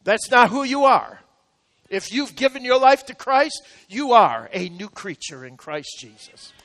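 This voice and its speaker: Male pastor, high voice, echoing church hall, hammering sermon points. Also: animated, measured pace, fairly bright tone. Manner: emphatic, repetitive exhortation.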